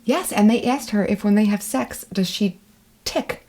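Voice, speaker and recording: A chatty woman in casual conversation on a podcast, sitting at a table. Her pitch sits in the middle for a woman. She talks loosely and laughs easily, and she slips into little impressions of other people. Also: moderate pace, a little mellow. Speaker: podcast co-host. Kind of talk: casual chat. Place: indoor studio table.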